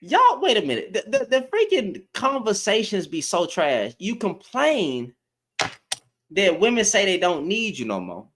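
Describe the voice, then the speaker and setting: An exasperated man rants through a live stream, his voice a little higher than most and swinging widely in pitch. He hammers the same phrases again and again and swears as he talks. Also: huge pitch swings, a little slow, fairly bright tone. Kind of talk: heated commentary.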